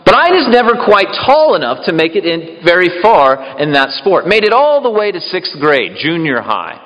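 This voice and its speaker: A man's voice: high voice, wildly swooping pitch, moderate pace, a bit bright, dull audio. Emphatic male preacher in a reverberant hall. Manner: emphatic, with rhetorical questions to the congregation. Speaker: pastor. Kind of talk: sermon.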